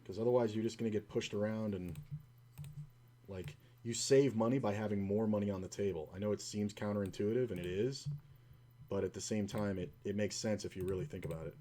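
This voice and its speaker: A man's voice: lowish voice, fairly even intonation, brisk, warm tone. A man commenting on his own online poker play, swearing often and telling stories in a frustrated, ranting way. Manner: long anecdote with acted-out quotes.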